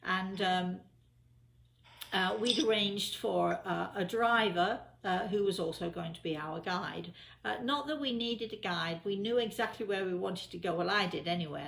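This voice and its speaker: A woman with a low, gravelly voice tells a personal story in a relaxed, meandering way. She fills her sentences with ums and false starts. The sound carries noticeable room echo. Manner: rambling with many fillers and restarts. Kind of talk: casual spoken storytelling.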